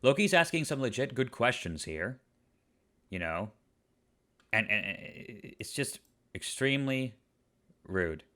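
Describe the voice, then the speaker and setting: A man in the middle of a ranting review. His pitch sits in the middle, and he keeps piling up exasperated rhetorical questions about what makes no sense. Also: very animated, slow pace, pauses often, sharp tone. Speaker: online reviewer.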